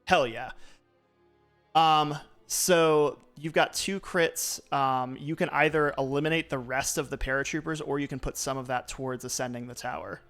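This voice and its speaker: A man's voice: medium pitch, steady tone, moderate pace, fairly bright tone, soft background music. A young man narrating as game master, loose and full of fillers.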